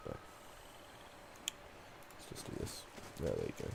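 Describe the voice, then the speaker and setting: A man's voice: fairly high pitch, wildly swooping pitch, a little slow, vocal fry, very noisy. A man with a cold giving casual, profane gameplay commentary, sounding nasal and muttering to himself. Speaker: let's play gamer.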